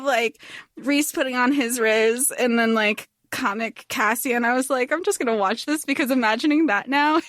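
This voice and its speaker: A young woman with a high voice chats loosely on a podcast, swearing now and then and breaking into laughter. The sound is dry and close, with no room around it. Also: a bit bright, dry recording. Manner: chatty, laughs often, swears casually. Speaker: podcast co-host. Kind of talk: casual chat.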